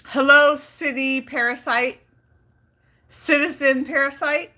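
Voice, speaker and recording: A woman's voice: medium pitch, lively intonation, measured pace, pauses often, pushed and bright. A woman from California chatting casually on a live stream, playful and talkative, reading out viewer comments. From California, Bay Area. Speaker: vlogger on a livestream.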